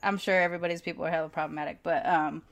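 A woman's voice: low voice, fairly even intonation, very fast, gravelly, lo-fi sound. A woman in casual chat, telling personal stories candidly and with animation, laughing often and swearing freely.

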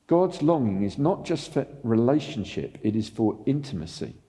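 A man preaching a sermon as pastor, animated and asking the congregation rhetorical questions. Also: mid-range voice, normal speed, in a large hall.

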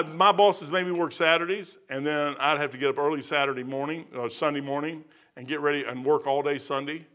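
High, bright-voiced preaching man. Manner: storytelling preacher, swings from hushed asides to excited outbursts. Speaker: pastor. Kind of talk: sermon.

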